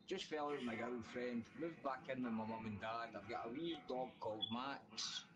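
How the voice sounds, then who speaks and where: Scottish guy, late 30s, blunt and sweary, halting, noisy line. Plain mid-pitched voice, casual stream guest. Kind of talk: casual chat.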